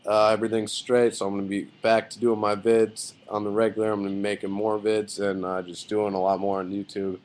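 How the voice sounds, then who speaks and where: A man's voice: lowish voice, completely flat delivery, brisk, hardly any pauses, a little mellow. A man giving a casual video review of a wrestling show, loose and rambling with many fillers and blunt, swearing opinions. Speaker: wrestling vlogger.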